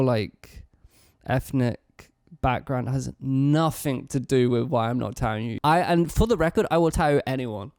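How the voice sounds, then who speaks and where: A man's voice: medium pitch, vocal fry, darkish tone, smooth, dry recording, studio quality. A man, a tattoo artist answering questions in a casual, rambling, swear-heavy vlog. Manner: rambling and profane, with quick self-corrections.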